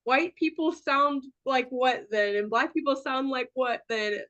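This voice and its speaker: Female student, candid conversational tone, higher voice, muffled classroom recording. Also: unhurried, a bit bright. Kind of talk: classroom discussion. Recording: dull lo-fi sound.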